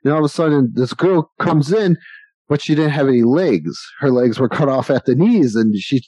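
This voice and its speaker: A man's voice: medium pitch, animated, moderate pace, mellow, breathy edge, no echo. A man in his forties on a podcast, telling rambling stories with frequent laughs. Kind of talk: casual storytelling. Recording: dull lo-fi dry recording.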